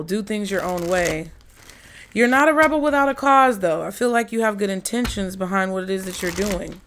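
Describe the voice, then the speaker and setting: A woman's voice: medium pitch, slight background noise. A woman, chatting casually through a tarot reading and talking straight to her viewers. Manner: chatty, laughs often, addresses viewers as y'all and child. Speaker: tarot reader.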